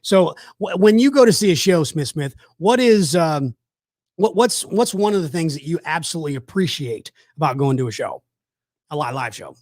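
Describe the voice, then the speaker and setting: A man's voice: fairly high pitch, animated, normal speed, darkish tone, dry recording, studio quality. A man hosting a casual chat, telling rambling, enthusiastic stories with lots of fillers. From South Georgia, USA. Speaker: host.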